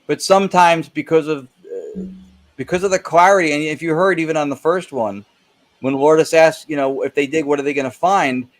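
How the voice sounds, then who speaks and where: A man's voice: fairly high pitch, moderate pace. A man guest in a casual interview, explaining his investigations at length and with enthusiasm.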